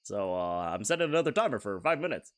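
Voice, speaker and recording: A man doing an impression of a measured, statesmanlike male president, speaking with a slow, deliberate cadence, long pauses and drawn-out "uh"s. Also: lowish voice, sing-song, a bit bright, voice pushed down. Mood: presidential. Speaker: streamer.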